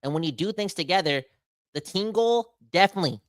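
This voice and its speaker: A man hosting a sports podcast, ranting with animated, emphatic exasperation. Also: sits high, brisk, dry recording, studio quality. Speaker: podcast host.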